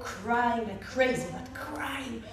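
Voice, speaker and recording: A woman medical clown with an Israeli accent telling a personal story to a panel audience, animated, with frequent laughter and halting restarts. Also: fairly high pitch, a crowd in the background. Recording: echoey hall, distant mic, audience noise.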